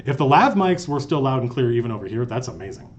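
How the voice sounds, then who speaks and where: The host and game master talks fast in a mid-range voice, spinning animated, rambling stories full of restarts on a live stream from an office conference room. His lapel-mic recording is lo-fi, with a little hiss or hum.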